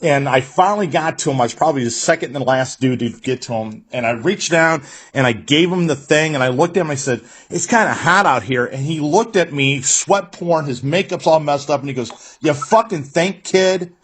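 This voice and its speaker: A man's voice: on the high side, a little fast, few pauses, a bit bright. A man hosting a radio interview, chatting casually and telling loose, profane stories full of restarts. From United States. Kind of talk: casual chat.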